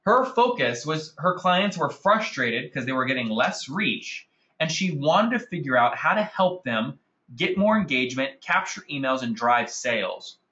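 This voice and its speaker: A man's voice: on the high side, big pitch swings, unhurried, sharp tone, lo-fi sound. A man hosting a marketing webinar, talking enthusiastically and calling out attendees by name. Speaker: webinar host. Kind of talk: upbeat marketing webinar presentation.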